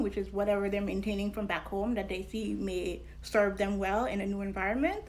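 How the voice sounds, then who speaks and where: A woman hosting an educational vlog. She talks in a candid, casual way, laughs often and uses slang. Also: medium pitch. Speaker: vlog host and scholar.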